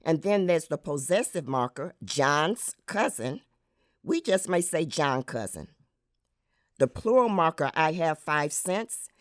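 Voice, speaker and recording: A woman who was a school administrator reads aloud from her book in a measured, deliberate way, demonstrating pronunciations. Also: sits low, expressive, no echo, studio quality. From United States. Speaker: author and former school administrator.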